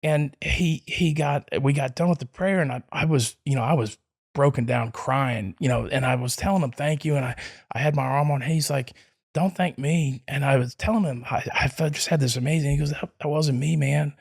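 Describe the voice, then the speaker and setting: A man's voice: mid-range voice, normal speed, breathy edge. A middle-aged man, telling a long personal story in an interview, rambling with many restarts and fillers. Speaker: podcast guest. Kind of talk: casual storytelling.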